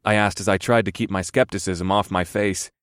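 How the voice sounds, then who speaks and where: A man reads a first-person fantasy story with measured, wry delivery. His voice sits low, and the recording is close and dry, with no room around it. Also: steady tone, fairly bright tone, clean tone, dry recording. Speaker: audiobook narrator.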